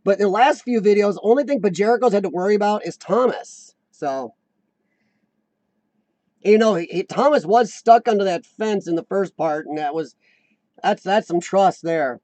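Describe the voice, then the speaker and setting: A man's voice: sits high, moderate pace, warm tone, no echo. An American man hosting a casual live stream, chatting loosely with viewers and reading their comments aloud. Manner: chatty, rambling, reads chat aloud.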